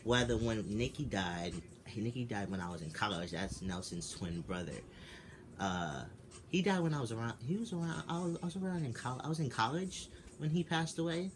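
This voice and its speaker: Freshly awake, this twenty-something vlogger rambles candidly through a personal story, swearing freely in a casual style. He has a mid-range, expressive voice at a moderate pace, and noisy ambience fills the background.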